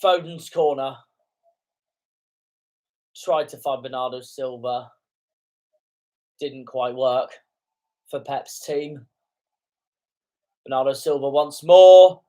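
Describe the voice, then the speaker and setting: A man's voice: medium pitch, takes it slowly, long pauses, warm tone. A young man giving live reaction commentary on a football match, often indignant and swearing at the referee's calls. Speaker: fan commentator.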